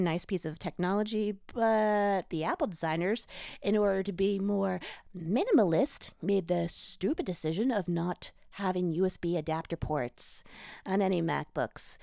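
A woman's voice: lowish voice, smooth, dry recording, studio quality. A woman hosting a solo book podcast, chatting casually with wry, self-mocking asides. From United States. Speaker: podcast host reviewing books.

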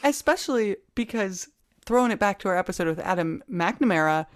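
An American woman co-hosting a history podcast, talking quickly and playfully in casual chat. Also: mid-range voice, expressive. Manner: quick, playful, self-mocking. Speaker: podcast co-host.

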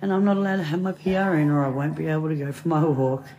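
A woman's voice: low voice, quick pace, mellow, muffled recording, slight background noise. A woman rambling casually and telling jokes as a chatty storyteller.

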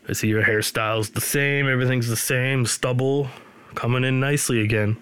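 A man's voice: medium pitch, steady tone, brisk, a bit bright, clean tone, no room sound. A man in his thirties or older hosting a podcast, rambling casually with sarcastic, joking asides. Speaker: podcast host. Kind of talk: casual chat.

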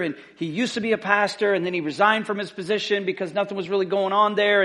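High-voiced fervent male pastor preaching. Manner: fervent, emphatic repetition, rising to excited outbursts then dropping low. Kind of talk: sermon.

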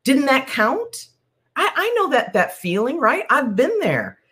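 A woman leadership coach talking in a podcast conversation, animated and acting out the people she quotes. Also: high voice, measured pace, husky. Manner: animated, acts out quoted voices.

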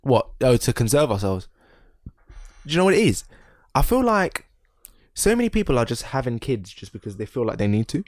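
A man co-hosting a podcast in casual chat, animated and quick to laugh as he retells comedy bits. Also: mid-range voice, no echo, studio quality. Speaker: podcast co-host.

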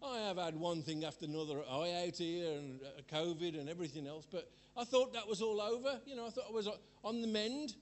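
A man's voice: high voice, a little fast, hardly any pauses. An older man preaching a sermon in a chatty, rambling way, laughing at himself as he tells personal stories.

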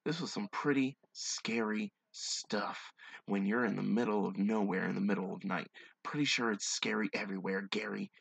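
A man's voice: fairly low pitch, moderate pace, gravelly, fairly bright tone, husky, no echo. A man hosting a podcast, reading stories aloud and breaking off for sarcastic, wisecracking asides. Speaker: podcast host.

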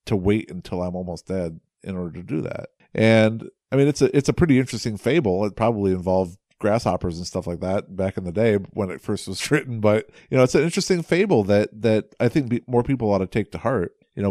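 A man with a fairly low voice talks frankly on a podcast, wandering through his thoughts and telling a fable in a loose, conversational way. The sound is dry and close, with almost no room around him. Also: dark tone, no echo. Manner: frank, rambling storyteller. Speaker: podcast co-host. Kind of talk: casual conversational dialogue.

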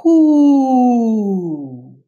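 A woman's voice: a little high, big pitch swings, dark tone, muffled recording, voice pushed up, exaggerated voice. A woman doing an icy hissing tentacle monster. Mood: creepy. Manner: hissing, drawn-out.

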